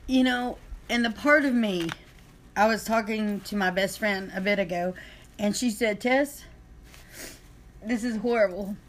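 A woman's voice: medium pitch, measured pace, pauses often, slight background noise. A young adult woman talking in a casual chat, emotional and impassioned.

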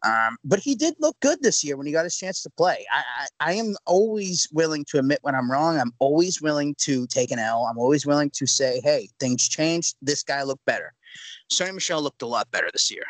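A man co-hosting a sports podcast in casual chat, animated and ranting with rhetorical questions. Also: a little high, a little fast, dry recording, low-quality recording. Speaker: podcast co-host.

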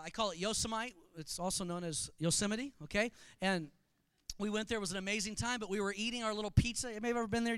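Pastor, male, high bright voice, smooth and crisp, dry close sound; animated, joking sermon delivery. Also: dry recording. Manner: animated storytelling with humor.

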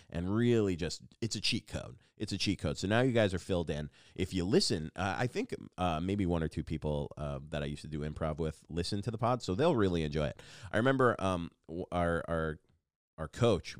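A man's voice: low-pitched, dry recording, clean studio sound. A man hosting a casual solo podcast, rambling and self-deprecating with lots of restarts. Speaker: podcast host.

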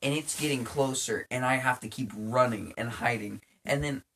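A young man tells a wild dream story on a casual podcast, swearing freely and jumping into his own shocked reactions. His voice sits in an ordinary middle pitch. There is a faint hiss of noise behind him. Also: normal speed, creaky, a bit bright. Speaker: podcast co-host.

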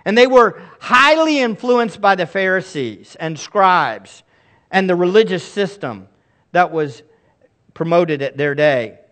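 A man's voice: high voice, lively intonation, slow pace, a bit bright. A man in middle age, a pastor preaching a sermon in an earnest, emphatic way with pleading asides.

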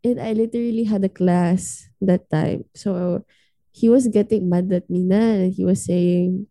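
Young Filipina podcast co-host, warm dark tone, dry close sound, lively storyteller. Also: female voice, medium pitch, measured pace, no echo. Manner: animated, switching between English and Filipino, acting out quoted lines. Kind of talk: casual storytelling chat.

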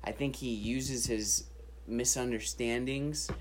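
A man's voice: medium pitch, steady tone, takes it slowly, a little hiss or hum. A man co-hosting a casual chat, laid-back and repeating words as he gets going. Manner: laid-back, repeats himself when starting a thought. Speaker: podcast co-host.

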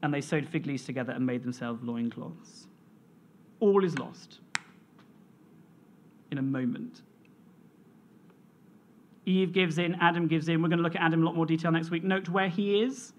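Earnest, expressive preacher. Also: mid-range voice, normal speed, long pauses, slight background noise. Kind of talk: sermon.

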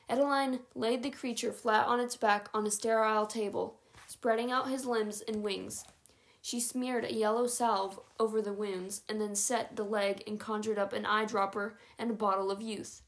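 A woman narrating a chapter book aloud in a steady, even read-aloud manner. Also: on the high side. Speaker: audiobook narrator.

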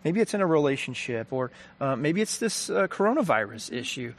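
A man's voice: on the high side, big pitch swings, brisk. A man giving an earnest, conversational faith talk, telling a story and applying it.

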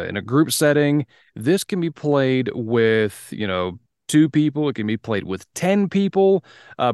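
A man's voice: medium pitch, no room sound, studio quality. A man hosting a casual podcast interview, chatty and easygoing, laughing often as he explains things. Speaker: podcast host.

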